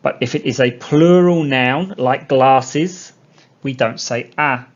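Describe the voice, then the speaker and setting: A male English teacher walks young learners through a lesson in a slow, unhurried voice, spelling things out and repeating key words. His voice sits at an everyday pitch, and the recording has a muffled, lo-fi sound. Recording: dull lo-fi sound.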